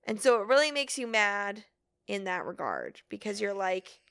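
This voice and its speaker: A young woman co-hosting a podcast, chatting in a lively way and acting out quoted lines as she goes. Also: medium pitch, creaky, smooth, no room sound, studio quality. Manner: chatty, animated, quick quoted asides. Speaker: podcast co-host. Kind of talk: casual chat.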